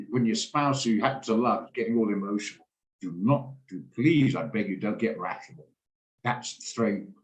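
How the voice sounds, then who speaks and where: A man's voice: fairly low pitch, reverberant, low-quality recording. A man hosting a trading room on a video call, talking casually and emotionally, rambling and laughing as he goes.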